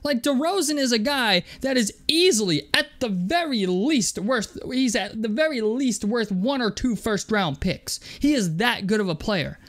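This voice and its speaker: A man's voice: very high-pitched, lively intonation, moderate pace, few pauses, a bit bright. A young man delivering an angry, profane basketball rant, stumbling over and repeating his words as he vents. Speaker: sports commentator.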